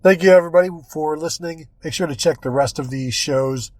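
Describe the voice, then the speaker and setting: A man's voice: on the high side, fairly quick, darkish tone, no echo. A man hosting a sports podcast in casual chat, full of jokes and sarcastic asides. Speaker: podcast host.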